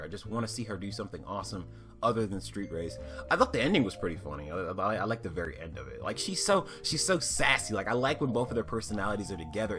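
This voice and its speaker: A young man casually reviewing a cartoon episode, rambling, swearing freely and laughing at his own jokes. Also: on the low side.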